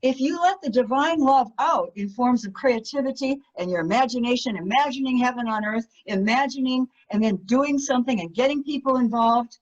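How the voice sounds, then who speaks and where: A woman giving an enthusiastic storytelling talk as a guest speaker, animated, laughing often, with many fillers. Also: a little high, a little fast, few pauses. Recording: muffled lo-fi audio.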